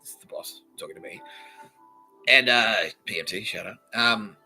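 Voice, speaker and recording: A man's voice: on the low side, normal speed, creaky, bright, forceful tone, faint music behind, low-quality recording. A man, hosting a podcast and telling a rambling, sweary comedic story while laughing at his own jokes. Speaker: podcast host.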